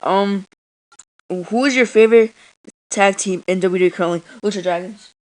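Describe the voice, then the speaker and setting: A woman's voice: medium pitch, steady tone, moderate pace, low-quality recording. Rambling, hesitant woman podcast host. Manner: rambling, hesitant, many ums. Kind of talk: casual podcast chat.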